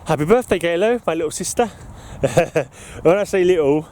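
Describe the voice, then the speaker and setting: A slightly high-voiced man records a walking vlog, short of breath as he rambles. He swears freely and laughs at his own remarks. Faint traffic and city hum drift behind him outdoors. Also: lively intonation, moderate pace, a little mellow. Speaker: podcast host. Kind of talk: casual walking vlog monologue. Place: outdoors in an urban park.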